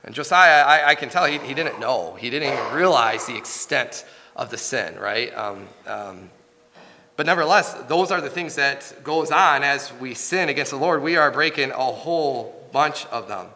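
A man in his thirties preaching a sermon, telling a family story in an earnest, halting way with frequent restarts. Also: medium pitch, bright, forceful tone, long reverb tail.

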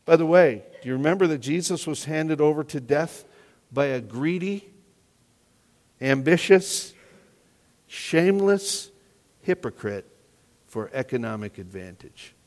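A man preaching a sermon as pastor, earnest and questioning, often dropping to quiet emphasis. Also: on the high side, lively intonation, unhurried, pauses often. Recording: echoey hall reverb.

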